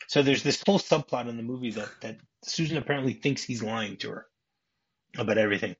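Husky man recounting a film script. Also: medium pitch, moderate pace. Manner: rambling, with frequent restarts, acting out quoted lines. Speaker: podcast guest. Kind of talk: casual podcast chat recounting a film script. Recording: dull lo-fi podcast audio.

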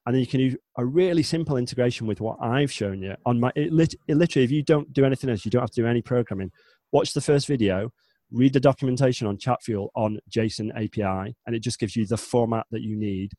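An interview guest in his forties, a chatbot developer from northern England with a Northern English accent, talks fast in a warm, medium-pitched voice. His casual, chatty delivery rambles, with frequent restarts and self-corrections. The recording is dry.

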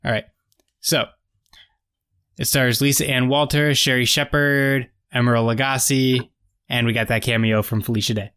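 A man co-hosting a casual podcast, recapping a TV episode in an animated, joking way. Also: mid-range voice, normal speed, clear, resonant tone, no echo, clean studio sound. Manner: animated, joking, retells scenes with quoted voices. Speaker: podcast co-host.

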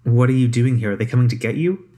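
A man's voice: mid-range voice, quick pace, warm tone, natural voice. A man voicing a suspicious, protective middle-aged mother with a slight Australian accent, speaking bluntly and warily. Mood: wary. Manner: blunt, wary, questioning.

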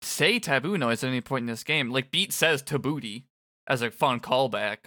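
A man chatting casually through a video game recap, animated and quick to laugh. His pitch moves lively up and down in a bright, forward voice. The sound is dry and close. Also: no echo. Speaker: podcast co-host.

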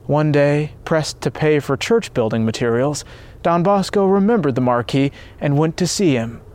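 A man's voice: medium pitch, a little mellow. A man narrating a saint's life story in an earnest, devotional scripted reading.

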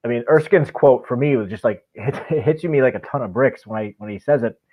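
A man's voice: medium pitch, a little fast, breathy edge. Man on a tinny phone-like line. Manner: rambling, enthusiastic, many fillers. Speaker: podcast co-host. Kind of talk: casual podcast chat.

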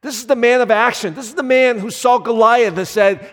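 A man's voice: very high voice, a little fast. A man in his thirties preaching a sermon as a pastor, earnest and conversational, with frequent fillers. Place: church sanctuary. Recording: long hall reverb.

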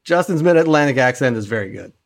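A man's voice: medium pitch, animated, fast talker, gravelly. A man co-hosting a casual podcast chat, giving dry, brief remarks. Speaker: podcast co-host.

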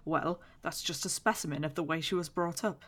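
A woman's voice: deep voice, a little fast, fairly bright tone. A woman reading the part of a fat, jovial older lord who gossips with exclamations, in an audiobook. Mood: gossipy. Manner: chatty, gossipy storytelling with exclamations.

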